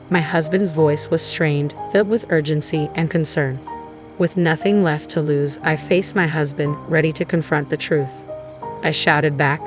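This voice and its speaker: A woman narrating a first-person drama story in a measured, grave tone, with music playing underneath. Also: sits low, steady tone.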